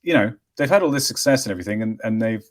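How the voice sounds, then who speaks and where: Lively, laughing male podcast co-host. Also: on the low side, very fast. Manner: laughs often, rambling and animated. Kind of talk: casual chat. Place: hotel room.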